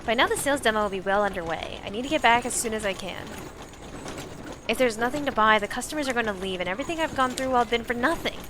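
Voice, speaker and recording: A woman's voice: on the high side, lively intonation, fast, background noise. A woman streamer reading a game aloud on a live stream in a chatty way, with asides and self-corrections. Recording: music playing underneath.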